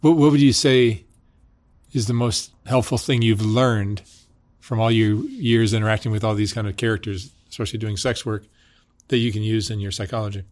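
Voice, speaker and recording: Guy interviewer, lowish voice, asks slow careful question. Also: steady tone, darkish tone.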